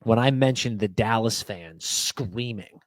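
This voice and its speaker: A young man co-hosting a casual sports podcast, talking fast and heated with frequent restarts and swearing. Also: on the low side, dry recording. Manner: animated, swearing, quick restarts. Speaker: podcast co-host. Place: podcast studio.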